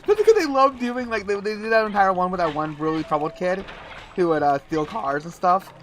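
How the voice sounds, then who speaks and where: Animated high-voiced male streamer. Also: a little fast, slight background noise. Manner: animated, joking, acts out quoted voices. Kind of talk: casual chat over gameplay.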